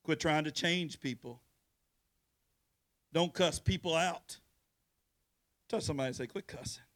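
A man's voice: on the high side, a little slow, fairly bright tone. A male pastor preaching a sermon, calling out to his congregation and getting them to respond in colloquial, straightforward talk. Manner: colloquial Southern speech.

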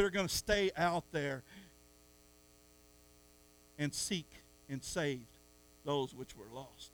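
A middle-aged man preaching a sermon in church, swinging from soft asides to loud calls at the congregation. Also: a little high, animated, slow, pauses often. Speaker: pastor.

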